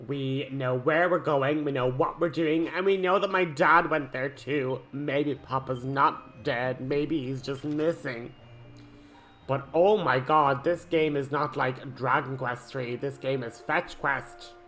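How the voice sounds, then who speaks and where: A man, rambling excitably while he comments on a role-playing game. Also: medium pitch. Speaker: let's play host. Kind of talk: gameplay commentary.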